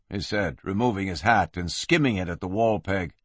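A man narrating an audiobook with expressive storytelling. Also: deep voice, moderate pace, no room sound.

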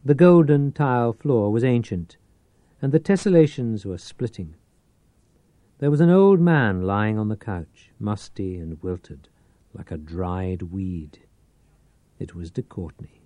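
A man reading a novel aloud as an audiobook narrator, with a measured, theatrical delivery. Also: lowish voice, dark tone, dry recording.

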